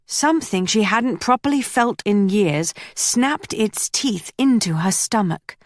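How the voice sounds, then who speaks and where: A woman reading historical romance narration in a measured, steady storytelling manner. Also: mid-range voice, no echo, studio quality. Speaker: audiobook narrator. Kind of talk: scripted narration.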